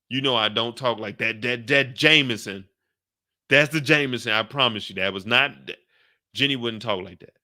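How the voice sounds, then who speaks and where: A man's voice: mid-range voice, normal speed, sharp tone, no room sound, studio quality. A man giving loose, joking, slang-filled commentary after a TV episode. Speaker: show commentator. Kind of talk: casual after-show commentary.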